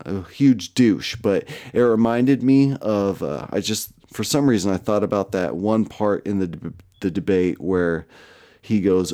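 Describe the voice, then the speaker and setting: A man's voice: on the low side, a little slow, dark tone. A man casually telling a personal story, rambling and profane, with lots of fillers and self-mocking asides.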